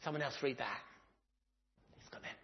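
This minister's mid-range voice is creaky and moderately paced, on a muffled recording. In a church service's children's talk, he tells a story with animation and questions the kids.

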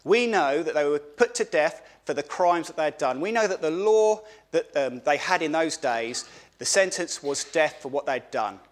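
Animated preacher man, lively questions. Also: fairly high pitch, moderate pace. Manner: animated, asks children questions, repeats words for emphasis. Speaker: preacher at a family service. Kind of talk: children's sermon. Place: church.

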